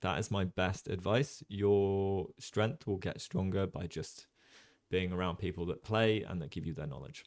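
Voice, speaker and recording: Brief: relaxed, low-voiced man hosting a casual chess livestream, lots of ums, dry close sound. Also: a little slow, dry recording. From Jersey. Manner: relaxed, chatty, many ums, reads chat aloud. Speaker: chess streamer and commentator.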